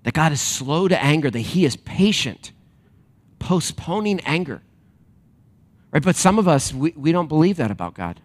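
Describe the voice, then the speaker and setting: A man preaching a sermon to a congregation, animated and emphatic, then dropping to quiet reflective questions. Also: on the high side, normal speed. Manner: direct address to a congregation with rhetorical questions. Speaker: pastor.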